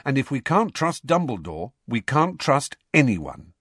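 A man reading aloud voices a clever, bossy teenage schoolgirl who talks in a sharp, insistent way. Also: mid-range voice, sing-song, a little slow, slightly rough, no room sound, clean studio sound, pitched above the performer's own voice, heavily acted.

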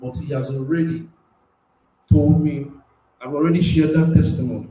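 A man preaching with strong emotion. He stumbles over words, restarts phrases, and his voice surges high and loud when he gets worked up. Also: fairly even intonation, moderate pace, dull audio. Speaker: self-styled prophet and preacher. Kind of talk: impassioned spontaneous preaching. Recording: very echoey room, voice far from the mic.

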